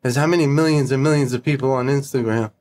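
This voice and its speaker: A man's voice: mid-range voice, fairly even intonation, fast, darkish tone. Blunt, profane storytelling man. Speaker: podcast guest. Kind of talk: casual storytelling.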